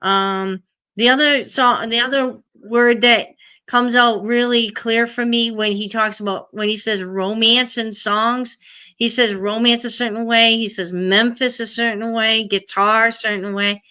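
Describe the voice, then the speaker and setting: A woman's voice: fairly high pitch, fairly even intonation, a little slow, pushed and bright, clean tone. A middle-aged woman hosting a casual live stream, chatting and answering viewers' comments.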